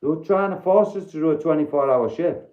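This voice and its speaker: A man's voice: fairly high pitch, a little fast, dark tone, echoey room, highs cut off. A man from Doncaster with a Yorkshire accent, hosting a casual livestream, bluntly chatting to viewers by name and swearing freely. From Doncaster, Yorkshire, England. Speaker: livestream host.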